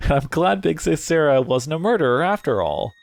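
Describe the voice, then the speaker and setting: A man's voice: on the high side, gravelly, heavily acted. A man voicing a small, cheerful girl from a game who tags her lines with a meow, in a raised, sweet voice.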